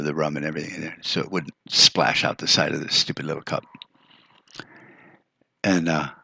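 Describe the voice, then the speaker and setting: A deep-voiced American man rants in a blunt, frustrated podcast monologue, swearing freely. His voice is husky and low. The sound is dry and close, with no room around it. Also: bright, forceful tone, no echo. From United States. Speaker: podcast host. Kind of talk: profane ranting monologue.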